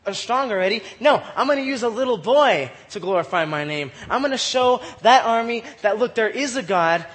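God, commanding and emphatic, as a preacher puts him on, declaring in raised tones. The voice runs high and loud. It echoes through a long hall. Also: male voice, lively intonation, fairly quick. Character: almighty God speaking, proud and commanding.

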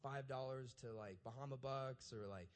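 A man's voice: mid-range voice, moderate pace. A young adult man, a youth pastor, reads scripture and then preaches a casual, conversational sermon, often checking in with the audience by asking "right?".

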